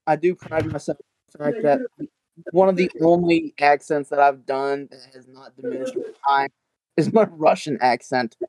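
A man's voice: on the high side, steady tone, moderate pace, darkish tone, poor audio. A man chatting modestly as a player in a casual podcast.

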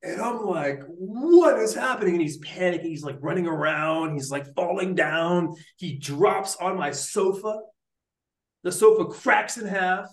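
A man's voice: high-pitched, unhurried. A young man and neuroscientist guest, telling a story in a casual interview, full of slang and fillers like dude and like. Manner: animated, slangy, lots of likes and dudes. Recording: roomy echo.

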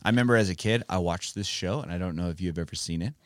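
Talking fast in a low voice, a man hosts a casual Bible podcast for kids in a playful, teacherly style. The studio-quality recording has no echo.

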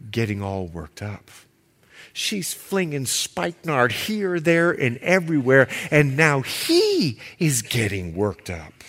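Pastor, male, high-ish voice, very expressive delivery, playful loud-to-hushed swings. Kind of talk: sermon.

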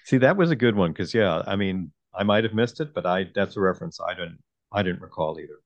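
A man's voice: deep voice, lively intonation, brisk, no room sound, lo-fi sound. A man co-hosting a podcast, musing casually about the show's story. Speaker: podcast co-host. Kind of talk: casual recap chat.

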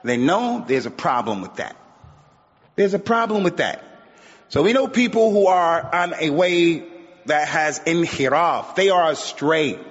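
A male preacher giving an emphatic sermon, repeating his points and building to near shouts. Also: on the high side, sing-song, a little slow. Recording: dull sound with long hall reverb.

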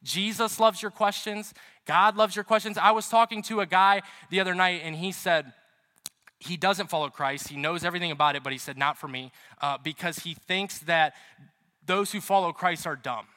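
A man's voice: high voice, normal speed, sharp tone. A man preaching a sermon as pastor, chatty and storytelling, with emphatic repetition. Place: church. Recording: reverberant hall.

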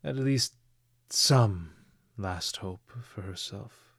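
Slow, low-voiced male audiobook narrator. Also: creaky, no room sound, studio quality. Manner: measured, expressive reading.

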